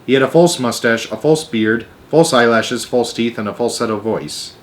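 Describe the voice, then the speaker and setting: A man reading a children's book aloud as a storyteller, with an animated delivery. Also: medium pitch, normal speed.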